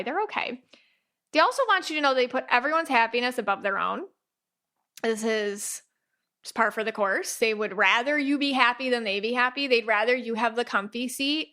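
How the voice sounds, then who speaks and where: A woman hosts a podcast in a casual, chatty way, animated and quick to act out little quoted voices. Her voice is bright and sits a little high. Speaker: podcast host, aura reader.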